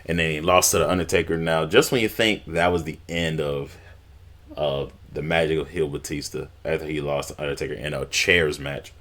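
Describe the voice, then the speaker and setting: Low-voiced man, casual rambling wrestling recap, fillers and swearing. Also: fairly even intonation, normal speed, fairly bright tone. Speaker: wrestling YouTuber.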